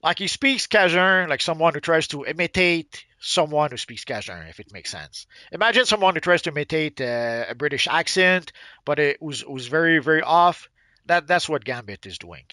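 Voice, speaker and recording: Quebec french guy streaming, native french speaker, bright voice, dry mic, rambles on answering chat. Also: fairly high pitch, very animated, normal speed, no room sound. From Quebec, Canada. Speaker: game streamer.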